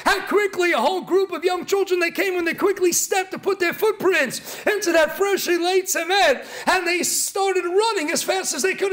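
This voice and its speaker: A man giving a Torah talk as a rabbi, emphatic and repetitive, with bursts of loud emphasis. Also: very high voice, normal speed, hardly any pauses.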